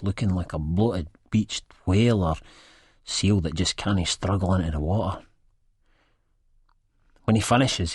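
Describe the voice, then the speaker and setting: A husky, low-voiced Scottish man narrates an audiobook in first person. He mumbles and hesitates, stumbling over words in a dry, close sound. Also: a little mellow, no echo.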